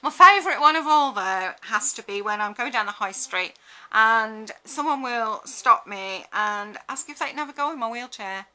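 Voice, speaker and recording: Bright, sarcastic woman vlogger. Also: on the high side, animated, moderate pace. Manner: blunt, sarcastic, swears. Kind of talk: casual storytelling monologue.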